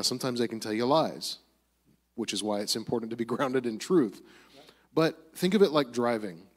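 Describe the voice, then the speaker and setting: A man giving a casual teaching talk to a church group, conversational and often ending his points with a tag question. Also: medium pitch. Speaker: Bible study speaker.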